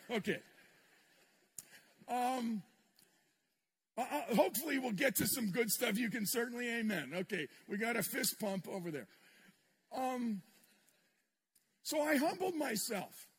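A man's voice: very high voice, lively intonation, measured pace, pauses often, husky. An older man preaching a sermon to a congregation, telling a personal story in a candid, self-deprecating way with touches of humor. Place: church sanctuary with congregation. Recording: long reverb in a large hall.

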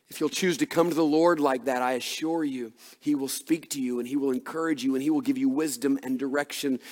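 A man's voice: mid-range voice, big-room sound. A man preaching a sermon as a pastor, earnest and personal, repeating key phrases for emphasis.

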